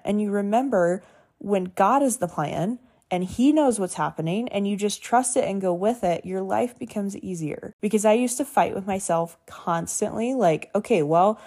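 Earnest young woman, mellow voice. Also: medium pitch. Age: 20s. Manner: earnest, heartfelt and frank, with casual swearing. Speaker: podcast host. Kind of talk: candid solo podcast talk.

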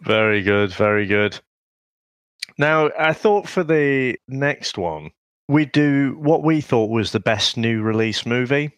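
A man's voice: mid-range voice, slow, no echo. A man from England co-hosting a comics podcast, chatting casually in a dry, teasing way. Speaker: podcast co-host. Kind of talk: casual chat.

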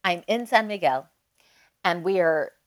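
A woman guest on a podcast, telling a personal story in a casual, animated way and leaning often on "like". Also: lowish voice, a little slow. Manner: animated, emotional storyteller who leans on "like".

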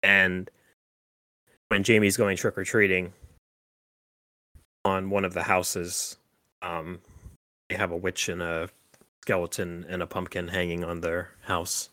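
A man's voice: low voice, level tone, takes it slowly, pauses often, sharp tone, no room sound. A man hosting a podcast, recapping a horror film in casual chat, full of "like" and "um". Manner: rambling, filler-heavy with frequent "like" and "um". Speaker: podcast host.

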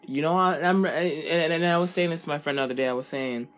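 A man's voice: on the high side, fast, a bit bright, slight background noise. A man chatting casually on a podcast, rambling and profane, full of slang and restarts. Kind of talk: casual chat.

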